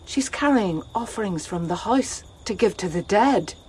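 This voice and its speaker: A woman playing a chorus of sympathetic women friends in a classical drama, asking gentle, probing questions. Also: mid-range voice, expressive, normal speed, a little hiss or hum, lightly acted. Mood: concerned.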